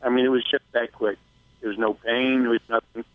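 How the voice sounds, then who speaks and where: A man's voice: medium pitch, level tone, a little fast, no echo. A male caller comes through a thin, phone-like line that is dry and close. He tells his story with emotion, stumbling and restarting as he goes. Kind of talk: telling a personal story on a radio show.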